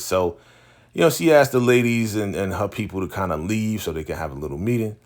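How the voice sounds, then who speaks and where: A man recapping a TV episode in casual chat, retelling it in an animated way with slang and lots of fillers. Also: on the low side, fairly quick. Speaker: TV recap host.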